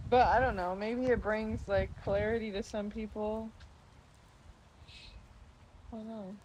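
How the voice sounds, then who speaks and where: A young woman guests on a casual podcast, chatting and giggling often as she talks. Her voice is medium in pitch, steady and darkish, and a little slow, with slight background noise.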